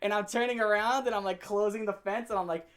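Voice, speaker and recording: A young man telling a funny story from his teen years in a casual, animated way, laughing often and swearing freely. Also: high voice, fast, smooth. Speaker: storyteller host. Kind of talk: comedic storytime vlog.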